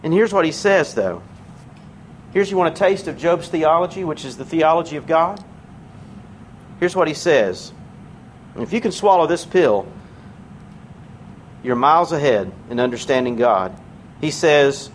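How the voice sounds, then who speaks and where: A man preaching a sermon in a church, conversational and earnest, slowing down to stress key words. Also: on the high side, lively intonation, slight background noise.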